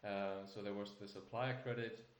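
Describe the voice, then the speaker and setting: A man moderating a webinar presentation, speaking haltingly with many filler sounds. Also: fairly low pitch, fairly even intonation. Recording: roomy echo.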